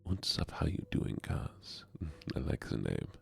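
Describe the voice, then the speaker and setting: A man with a put-on German accent in a soft-spoken ASMR stream, greeting viewers and reading poetry in a hushed whisper. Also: a bass voice, very animated, slow pace, vocal fry, husky, dry recording.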